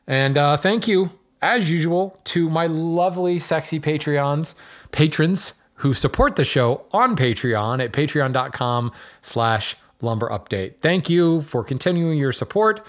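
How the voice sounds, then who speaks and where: A man hosting his own podcast, talking casually in a chatty, digressive way with plenty of fillers and wry self-deprecating asides. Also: medium pitch. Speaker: podcast host. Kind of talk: casual solo podcast talk.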